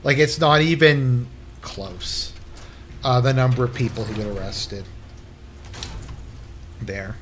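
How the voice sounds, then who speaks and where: A man's voice: medium pitch, slow pace, long pauses, fairly bright tone, a little hiss or hum. Rambling, blunt male streamer. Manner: rambling, filler-heavy, blunt and crude. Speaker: livestreamer. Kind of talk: casual chat while gaming.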